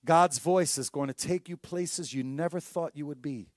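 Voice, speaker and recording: A man preaching a sermon as pastor, telling stories with lively acted-out voices and dropping to a hushed tone for emphasis. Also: on the high side, normal speed, dry recording, clean studio sound. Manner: animated storytelling preacher, acts out voices in anecdotes.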